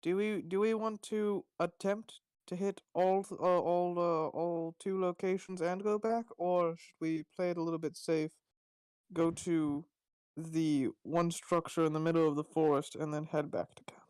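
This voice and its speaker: A man's voice: a little high, steady tone, normal speed, a little mellow, clean tone, no echo, clean studio sound. A man playing a tabletop game, talking through travel plans in a blunt, practical way. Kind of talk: casual game chat over voice call.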